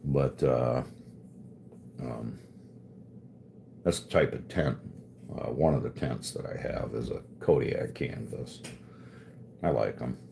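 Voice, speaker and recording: Male streamer, low mellow voice, unhurried and profane, faint room hum. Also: gravelly. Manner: laid-back, profane, joking, reads chat aloud. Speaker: livestream host chatting with viewers. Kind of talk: casual live-stream chat.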